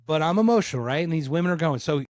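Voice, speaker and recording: A man's voice: on the high side, racing, no echo. A man from Philadelphia telling a story in casual conversation, acting out what other people said. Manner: animated, acts out other people's lines. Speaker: podcast guest.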